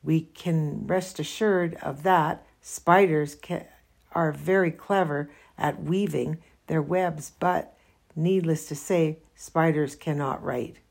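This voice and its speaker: A woman reading aloud voices a male fair announcer speaking over a loudspeaker, formal and oratorical. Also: sits low, fairly even intonation, slow, gravelly, heavily acted. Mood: orating.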